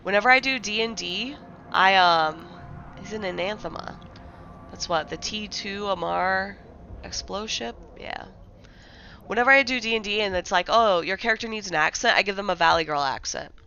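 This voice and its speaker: A young woman from the Midwest rambles to her stream viewers in a bright, sharp voice, piling on fillers and half-finished thoughts. The audio is a little muffled and dull, like a typical home stream mic. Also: mid-range voice, moderate pace, a little hiss or hum. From American Midwest. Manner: rambling, filler-heavy, many likes and restarts. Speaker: livestreamer. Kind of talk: casual livestream chat.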